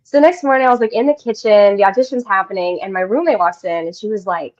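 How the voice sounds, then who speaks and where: A bubbly young woman from the Denver area chats as a guest on a radio show and tells her stories with plenty of laughs. Her voice sits in a middle pitch. The sound is a little dull and lo-fi. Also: fast talker, a little mellow. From Denver area, Colorado. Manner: bubbly, laughs often, storytelling. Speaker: guest actress. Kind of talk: casual radio interview.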